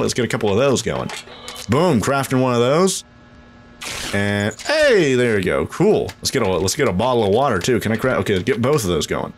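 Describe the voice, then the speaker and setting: A young man casually commenting as he plays a video game, chatty and excitable, jumping high in pitch when startled. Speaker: gaming channel host. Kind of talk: casual let's play commentary.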